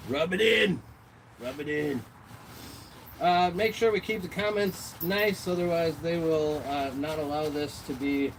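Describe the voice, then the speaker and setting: Worn-out, swearing live-stream host. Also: male voice, fairly high pitch. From Minnesota. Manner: rambling and profane, lots of fillers and swearing. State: tired, worn out from the heat. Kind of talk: casual live-stream chat while painting. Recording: noisy background with passing vehicles.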